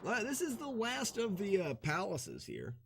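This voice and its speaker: A man streaming a game and commenting live, excitable and shouting when he is thrilled. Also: sits high, a little slow, vocal fry, music in the background.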